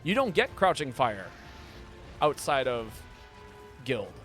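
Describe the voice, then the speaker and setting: A man live-streaming a game, talking casually and playfully, often stumbling and repeating words when excited. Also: mid-range voice, slow pace, soft background music.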